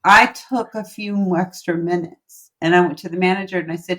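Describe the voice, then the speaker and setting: A woman with a somewhat low voice speaks as a podcast guest. She talks in a casual, heartfelt way. She often repeats words to stress a point. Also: steady tone, normal speed, few pauses, a bit bright. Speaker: guest, relationship coach. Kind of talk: casual interview chat, storytelling.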